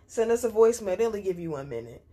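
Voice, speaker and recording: A woman co-hosts a laid-back podcast, chatting away with rambling sentences and frequent fillers. Her voice sits at a mid pitch. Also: sing-song, very fast, warm tone, breathy edge. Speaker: podcast co-host. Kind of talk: casual podcast chat.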